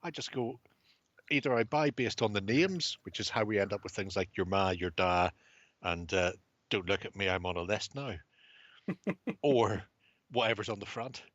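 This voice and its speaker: A man's voice: fairly low pitch, animated, normal speed, pauses often, fairly bright tone, no room sound. A man hosting a podcast, chatting casually with wry, sweary humor and reading an article aloud with relish. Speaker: podcast host. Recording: muffled lo-fi.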